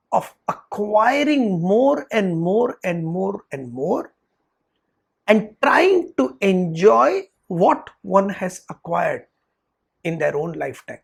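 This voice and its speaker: Brief: teacher, high husky voice, emphatic storytelling. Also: male voice. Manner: emphatic, repetitive, preaching. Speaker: Vedanta teacher. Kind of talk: spiritual talk with storytelling.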